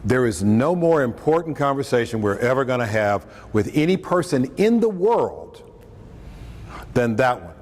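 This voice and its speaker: A very animated man with a mid-range, slightly mellow voice preaches on scripture at a moderate pace. The lunchtime talk is conversational, with joking asides and acted-out quotes. It was recorded at a distance in an echoey hall with faint room noise.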